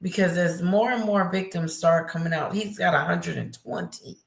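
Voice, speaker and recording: A woman's voice: fairly low pitch, normal speed, gravelly. A woman hosting a casual livestream, reading viewer comments aloud, greeting chatters by name and reacting to them. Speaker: livestream host reading chat. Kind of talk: casual live chat commentary. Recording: echoey room.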